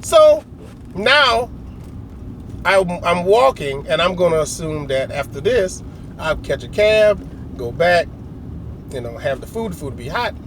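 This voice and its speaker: A middle-aged American vlogger with a high-pitched, sing-song, fairly bright voice speaks at a measured pace with long pauses. He tells a long, rambling story in a casual, slangy way, often acting out other people's lines, with slight background noise.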